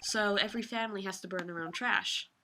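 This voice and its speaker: A woman's voice: mid-range voice, steady tone, brisk, bright, forceful tone, a little hiss or hum. A woman hosting a let's play, reading game text aloud with playful, sarcastic asides and casual swearing.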